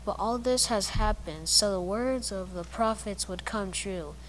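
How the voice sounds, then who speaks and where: A woman's voice: mid-range voice, unhurried, a little hiss or hum, poor audio. A woman reading a scripture passage aloud carefully, sometimes restarting a phrase. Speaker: scripture reader.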